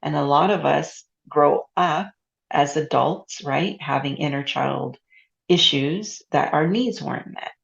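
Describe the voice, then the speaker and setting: A woman hosting a parenting podcast, asking questions and reflecting in an encouraging way, often with a soft "mm-hmm". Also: deep voice, creaky, muffled recording. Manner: reflective, encouraging, says frequent affirming "mm-hmm". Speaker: podcast host. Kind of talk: casual interview.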